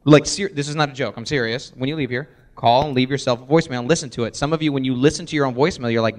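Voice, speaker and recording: A man presenting a live sales workshop, energetic, acting out sample voicemails as he teaches. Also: medium pitch, racing, few pauses.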